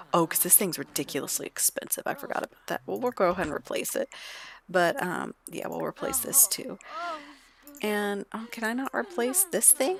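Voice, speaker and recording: Chatty low-voiced woman gaming. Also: vocal fry. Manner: chatty, fast, exclaiming. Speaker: let's play narrator. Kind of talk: casual gameplay commentary.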